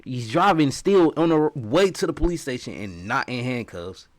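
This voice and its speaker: A man's voice: mid-range voice, animated, moderate pace. Slangy man doing reaction commentary. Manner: slangy, profane, laughing commentary. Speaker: reaction streamer.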